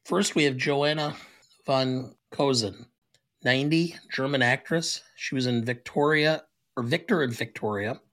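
A man's voice: mid-range voice, unhurried, a bit bright. An older man co-hosting a movie podcast with his son, reading names plainly and chatting casually. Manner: plain, reads memorial list steadily. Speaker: podcast co-host.

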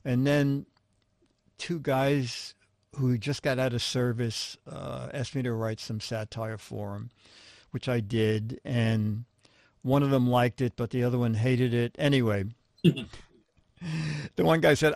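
An older man spins anecdotes from his writing career, lively and quick to mimic the people he quotes. His voice sits at an everyday middle pitch. The sound is close and dry. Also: gravelly, no echo. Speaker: guest, comedy writer. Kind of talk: anecdotal storytelling.

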